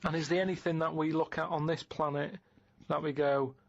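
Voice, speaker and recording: A man with a slightly high voice asks blunt, puzzled questions in a flat, deadpan manner. The recording is dry and dull, with a lo-fi radio sound. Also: brisk, no room sound. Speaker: radio comedy regular. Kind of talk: casual chat. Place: radio studio.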